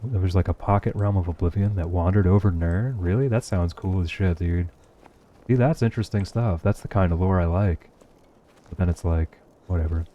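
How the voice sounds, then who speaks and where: A man from the United States with a New Jersey accent streams a game and chats casually with viewers, reading chat as he plays. His voice is deep and steady at a normal pace, and the audio sounds dull. He's laid-back, swears freely and laughs a lot.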